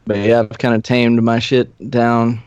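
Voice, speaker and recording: A man in his forties from Nashville tells rambling, profane stories and chuckles as he goes. His mid-pitched voice comes across dull and lo-fi. The room is dry. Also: monotone, unhurried, a little mellow, clean tone, no room sound. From Nashville, USA. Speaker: podcast guest, former punk musician. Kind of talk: casual storytelling.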